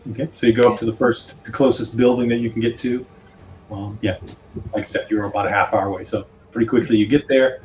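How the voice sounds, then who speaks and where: Guy running a tabletop game, lowish mellow voice, lots of ums, faint hiss behind. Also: steady tone, low-quality recording. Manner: halting, many fillers and restarts. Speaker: game master.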